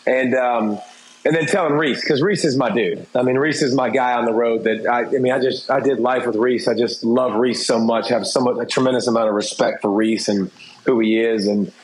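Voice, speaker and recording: A man's voice: medium pitch, steady tone, fairly quick, a little hiss or hum. A middle-aged man talking candidly as an interview guest, rambling with restarts and fillers. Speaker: interview guest, former TV football analyst. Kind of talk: casual interview talk. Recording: roomy echo.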